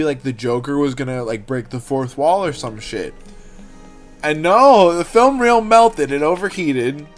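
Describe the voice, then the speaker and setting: Young male streamer, casual rambling chat, crude jokes, swearing, mid-pitched voice, soft music underneath. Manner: rambling, joking, profane.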